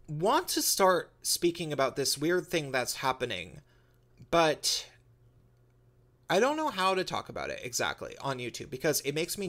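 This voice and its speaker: A man's voice: medium pitch, fairly bright tone. A man talking straight to his channel's viewers in a loose, rambling monologue, often restarting his sentences. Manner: rambling, many restarts and fillers. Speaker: YouTuber.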